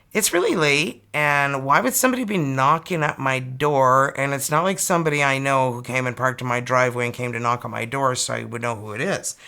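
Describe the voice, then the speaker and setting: A woman with a Canadian accent, a tarot reader telling her viewers a story in a chatty, animated way, full of "like" fillers, from her home studio. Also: extremely low pitch.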